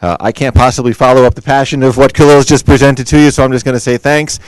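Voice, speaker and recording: A man's voice: medium pitch, steady tone, fast, dry recording, poor audio. A male webinar host closing the session with casual, friendly announcements. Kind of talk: wrapping up a webinar.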